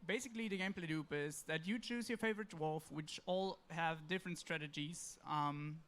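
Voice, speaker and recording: A man pitching his game on a convention stage, upbeat and wry as he laughs off technical trouble. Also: brisk, a bit bright.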